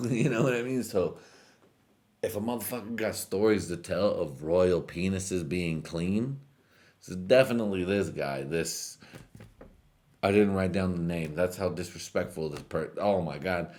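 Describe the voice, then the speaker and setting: A man hosting a podcast while high on edibles, rambling through a crude comedic monologue with bursts of laughter. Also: a little slow, darkish tone. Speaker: podcast host.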